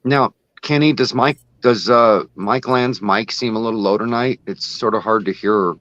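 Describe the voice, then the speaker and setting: A man's voice: lowish voice, moderate pace, fairly bright tone, no room sound, dull audio. A man chatting on a live stream, rambling through his explanations with lots of fillers. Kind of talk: casual live-stream chat.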